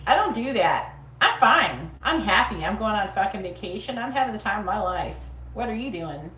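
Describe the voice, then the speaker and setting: A woman with a mid-range, bright voice hosts a live psychic tarot reading, chatting bluntly and profanely with sass and casual ease. She sounds expressive, forceful and a little fast. The mic sits at a distance in an echoey room, with a little hiss or hum.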